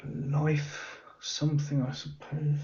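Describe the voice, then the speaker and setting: A man's voice: a little high, monotone, takes it slowly, darkish tone. A man thinking aloud as he works through a cryptic crossword, musing and muttering the clues half to himself. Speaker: crossword solver. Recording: dull lo-fi audio.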